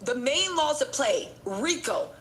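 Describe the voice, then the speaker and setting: A woman giving a casual news breakdown, brisk and matter-of-fact, reading from notes. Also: high-pitched, animated, over a noisy crowd, poor audio. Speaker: commentator.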